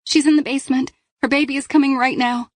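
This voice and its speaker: Audiobook: panicky, defiant teenage runaway, read by a woman, pitched well up. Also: fairly even intonation, quick pace, no room sound, clean studio sound, natural voice. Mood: frantic.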